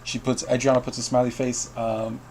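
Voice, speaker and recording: A man's voice: medium pitch, little pitch movement, a little fast, a little mellow, slight background noise. A man hosting a game news stream, telling a story to call guests in a casual way, often laughing and reading out chat messages.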